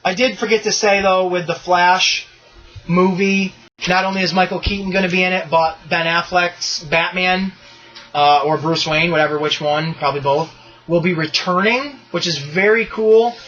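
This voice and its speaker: Bright-voiced man, loose podcast host. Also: sits high, normal speed, highs cut off. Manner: loose, profane, animated rants. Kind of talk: casual podcast chat.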